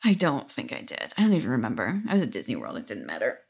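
A woman's voice: very deep voice, huge pitch swings, quick pace, gravelly, darkish tone, husky. A woman co-hosting a podcast, telling stories in a chatty way with many fillers and giggles. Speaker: podcast co-host. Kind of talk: casual chat.

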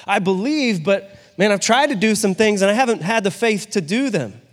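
A man's voice: high voice, expressive, moderate pace, long reverb tail. A male pastor giving a sermon in a conversational way, often asking his listeners rhetorical questions.

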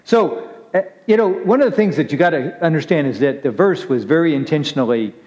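A man's voice: fairly high pitch, lively intonation, fairly quick, a little mellow. A middle-aged male pastor giving a chatty, joking sermon, teasing himself and his congregation. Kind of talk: conversational sermon. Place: church sanctuary. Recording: dull recording with long hall reverb.

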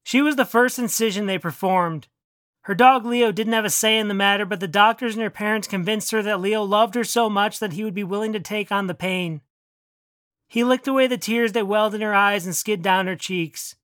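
A narrator earnestly reading a first-person story aloud in a measured way. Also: medium pitch, pushed and bright, dry recording, clean studio sound.

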